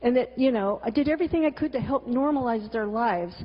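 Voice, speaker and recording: A middle-aged woman with a high voice tells stories in a blunt, candid way, swearing freely and breaking in with exasperated asides. The recording is dull and lo-fi, and her voice rings with the long reverb of a large hall. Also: fairly quick. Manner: vivid storyteller, exasperated asides. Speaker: cartoonist and teacher giving a talk. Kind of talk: candid storytelling talk with slides.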